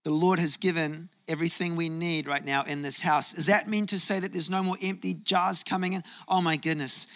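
A man's voice: on the high side, steady tone, brisk, few pauses, pushed and bright. A man preaching a sermon, telling a personal story and rising to emphatic bursts. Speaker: pastor.

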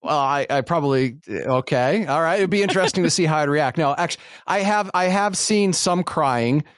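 A man's voice: fairly high pitch, lively intonation, normal speed, dry recording, studio quality. A man in his forties from Western South Dakota, a podcast co-host chatting casually and rambling a little, joking at his own expense. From Western South Dakota, USA. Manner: rambling and self-deprecating, jokes about himself. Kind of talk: casual chat.

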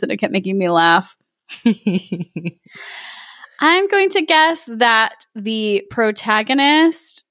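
A podcast co-host chatting casually, with a fairly high voice and a slow, unhurried pace. She laughs often and swears freely when she is excited. The recording is close and dry. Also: dry recording. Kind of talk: casual chat.

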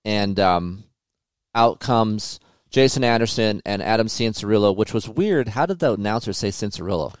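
Animated profane man telling stories. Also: on the low side, moderate pace, dry recording, clean studio sound. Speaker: podcast host, motocross test rider. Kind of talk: casual chat.

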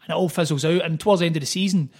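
A man, an author guest on a podcast, telling stories in a fast, animated way. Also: a little high, slightly rough. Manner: fast, animated storytelling with quoted voices. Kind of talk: casual podcast chat.

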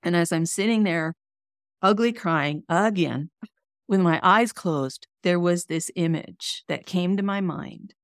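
Low gravelly woman, earnest testimony. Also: takes it slowly, no room sound, clean studio sound. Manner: earnest, emotional storytelling. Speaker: guest, author and coach. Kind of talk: personal faith testimony.

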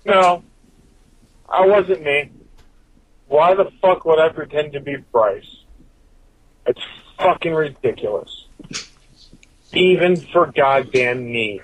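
A man's voice: a little high, dry recording, low-quality recording. A man giving a profane, rambling rant as a listener's recorded message to a podcast, swearing constantly and drifting from point to point.

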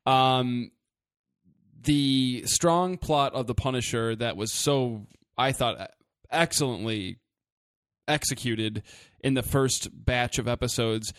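Podcast cohost guy, mid pitch, chatty, does little bits of voices, dry sound. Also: slow pace, a bit bright, clean tone, dry recording. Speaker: podcast co-host. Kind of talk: casual podcast chat.

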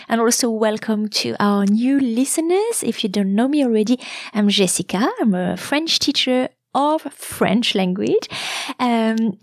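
A woman's voice: medium pitch, a little mellow, no echo, clean studio sound. A woman in her thirties, a French teacher hosting her own podcast, talking casually with frequent ums and uhs.

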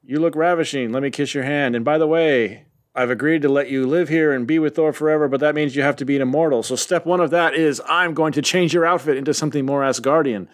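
A man's voice: fairly high pitch, fast, hardly any pauses, close to an everyday voice. Dude doing a worn-out old god king, chatty and offhand. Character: weary old king of gods.

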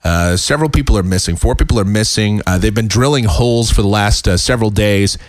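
A man hosting a casual solo podcast, talking in a rambling way with many fillers, his voice a little raspy and tired. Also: lowish voice, fast, dry recording, studio quality. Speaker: podcast host. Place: home.

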